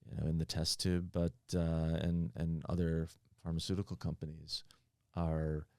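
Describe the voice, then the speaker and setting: A man with a low voice speaks in a podcast interview, answering earnestly but haltingly, full of fillers and restarts. His voice is recorded dry and close, with no room sound. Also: monotone, mellow, no room sound. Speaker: pharmaceutical executive.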